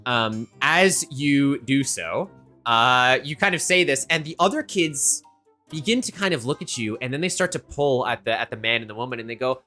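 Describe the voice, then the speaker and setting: A woman narrates a tabletop game as game master, easygoing and sprinkling in fillers. Her voice sits low but moves with lively pitch, over faint background music. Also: normal speed. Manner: relaxed, hesitant with fillers.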